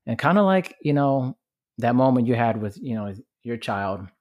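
A man's voice: mid-range voice, big pitch swings, moderate pace, a little mellow. A man hosting a podcast, chatting casually and easily sharing his own family anecdotes. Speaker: podcast host. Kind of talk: casual chat.

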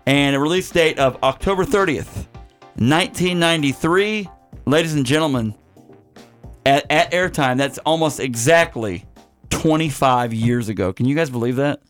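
A man hosting a podcast about bad movies, rambling and joking through film credits with plenty of "uh"s. His voice is smooth and clear and sits a little high. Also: normal speed, faint music behind. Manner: rambling, joking, many fillers. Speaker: podcast host. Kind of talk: casual chat.

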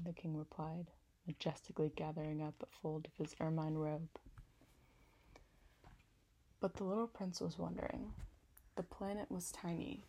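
A woman narrating a storybook chapter in a calm, measured reading. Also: low-pitched, husky, rough recording. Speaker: audiobook narrator.

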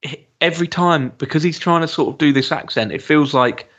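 A man's voice: a little high, brisk, fairly bright tone, highs cut off. A man co-hosting a podcast, chatting casually and hesitantly with many ums, livening up when he jokes. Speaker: podcast co-host. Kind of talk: casual chat reviewing a TV episode.

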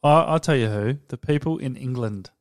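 An Australian man trading casual banter on a podcast, blunt and quick to swear. His voice sits at an ordinary middle pitch, and the recording is dry and close, with no room sound. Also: no room sound. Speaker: podcast co-host. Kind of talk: casual chat.

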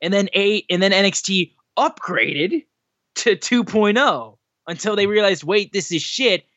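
A man's voice: high voice, lively intonation, measured pace, fairly bright tone, dry recording, highs cut off. A man co-hosting a casual wrestling podcast, ranting in a heated, emphatic and profane way. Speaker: podcast co-host.

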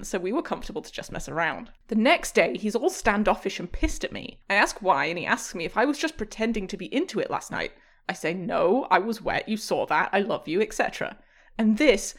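A woman chatting on a podcast, reading a post aloud with a lively pitch that swings up and down. She swears freely and breaks into laughter often. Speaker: podcast co-host. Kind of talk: casual chat, reading posts aloud.

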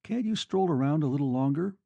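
A man playing a young soldier, courteous and a touch unsure of himself, coaxing in a low, mellow storybook voice. The sound is dry and close. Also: animated, brisk, vocal fry, no echo. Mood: polite, coaxing. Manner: polite, tentative. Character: young male soldier, polite and uncertain.

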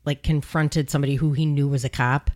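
A woman's voice: low voice, fairly even intonation, a little fast, darkish tone. A woman co-hosting a podcast, telling a true-crime story in casual chat, wry and profane. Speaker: podcast co-host; emergency dispatch worker.

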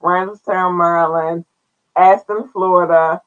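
A man's voice: high voice, steady tone, unhurried, a bit bright, smooth, lo-fi sound. A man hosting his own podcast in a loose, playful way, with slangy asides as he reads out listener towns. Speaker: podcast host. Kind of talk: casual solo podcast chat.

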